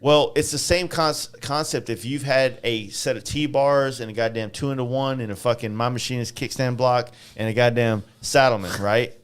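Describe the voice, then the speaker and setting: A man's voice: medium pitch, moderate pace, few pauses, clean tone. A man hosting a podcast in casual chat, blunt and profane, full of "like" fillers. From Southern United States. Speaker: podcast host.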